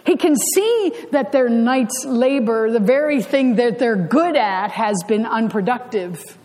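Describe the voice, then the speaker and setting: A woman pastor preaches with a bright, high voice. She tells the story in a conversational, lightly humorous way. Her words carry a long reverb from the church sanctuary. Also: expressive, measured pace. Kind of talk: sermon.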